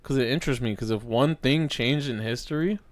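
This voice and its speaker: A man's voice: medium pitch, fairly quick, no room sound. A young man co-hosting a podcast in casual chat, loose and swearing freely as he thinks aloud. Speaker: podcast co-host.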